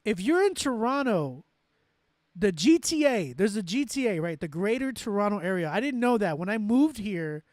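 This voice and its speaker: A man from Texas with a Texan accent, hosting a casual chat and telling animated, self-mocking stories. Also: high voice, normal speed, dry recording, studio quality, soft background music. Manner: animated storytelling, loud excited outbursts, self-mocking laughs. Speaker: host. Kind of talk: casual chat with live chat readers.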